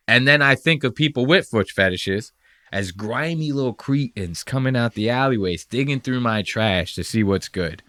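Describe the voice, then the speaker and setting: A man's voice: medium pitch, moderate pace, a bit bright, no room sound, studio quality. A man hosting a podcast, ranting in a casual, profane and mocking way. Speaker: podcast host. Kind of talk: casual comedic podcast rant.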